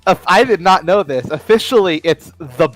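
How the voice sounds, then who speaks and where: A man's voice: sits high, expressive, normal speed, fairly bright tone, no room sound, faint music behind, poor audio. A man chatting jokily while playing a game, stammering through restarts and giggling often. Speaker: let's play co-host. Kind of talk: casual chat over gameplay.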